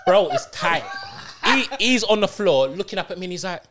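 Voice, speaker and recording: Lad, podcast co-host, lively storyteller voice, slightly high, swings up and down a lot while acting out quotes. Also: male voice, fairly quick, background noise. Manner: animated, slangy, acts out quotes with big pitch jumps. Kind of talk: casual storytelling chat.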